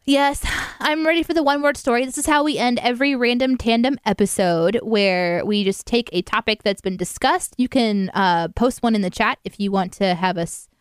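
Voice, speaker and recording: A woman co-hosting a casual livestream chat, playful and quick to laugh as she stumbles through tongue twisters. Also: on the high side, smooth, no echo, studio quality. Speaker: co-host.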